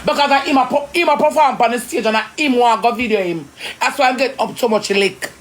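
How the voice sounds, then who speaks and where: Jamaican woman going off on a live stream, heated and confrontational, talking fast in patois. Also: a little high. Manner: indignant, confrontational, rapid patois.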